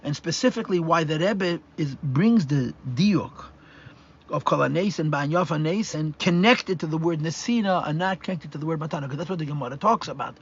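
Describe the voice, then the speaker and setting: On a dull lo-fi recording of a live Torah class, a male rabbi speaks briskly in a voice on the high side with a breathy edge. His lecture moves step by step, sprinkled with Hebrew and Yiddish terms, as he thinks aloud and restarts his sentences.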